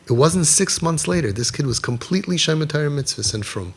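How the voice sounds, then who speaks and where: Animated middle-aged man giving a parenting talk. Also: mid-range voice, quick pace, hardly any pauses, husky. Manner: animated storytelling that acts out quoted dialogue; emphatic, rhetorical questions. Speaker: parenting guide.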